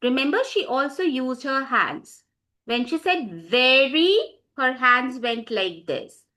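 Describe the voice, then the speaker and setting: Bright woman training teachers. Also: high-pitched, animated, a little slow. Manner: directive, quizzes participants by name.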